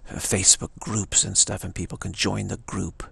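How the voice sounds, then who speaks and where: Male spiritual teacher, rambling and emphatic, very raspy and low. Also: little pitch movement, moderate pace, pushed and bright, dry recording. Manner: emphatic, repeats himself, chuckles. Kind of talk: rambling spiritual talk to camera.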